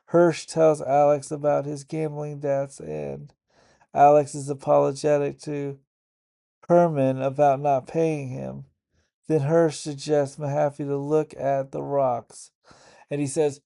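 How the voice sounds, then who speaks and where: A man walks through the plot of a TV episode in a slow, unhurried way, often stopping and restarting his sentences. His voice has a gravelly fry to it. The tone is dark and mellow, sitting a bit high for a man. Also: flat delivery. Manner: halting, stop-start retelling. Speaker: YouTube reviewer. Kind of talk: casual episode recap.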